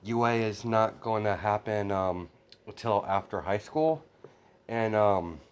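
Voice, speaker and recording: Lowish male voice, rambling storyteller full of fillers, casual and unpolished. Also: a little slow, smooth. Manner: rambling, constant "you know" fillers. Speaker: fan story narrator. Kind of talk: improvised spoken storytelling.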